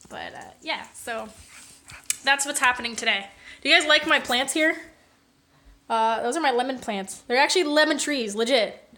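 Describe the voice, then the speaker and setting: A woman's voice: sits high, normal speed, long pauses, sharp tone, a little hiss or hum. A woman from Canada chatting casually to her viewers on a home live stream, rambling with fillers and the odd swear word. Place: home, indoors.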